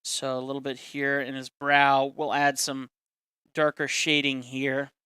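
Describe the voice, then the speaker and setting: A man's voice: medium pitch, completely flat delivery, unhurried, pushed and bright, clear, resonant tone, no room sound, clean studio sound. A man casually chatting on a live stream while demonstrating a caricature drawing step by step, self-deprecating and talkative.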